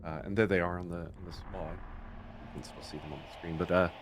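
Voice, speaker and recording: A man's voice: low voice, steady tone, fast talker, noisy background. A man narrating a tabletop game as game master, hesitant with many fillers.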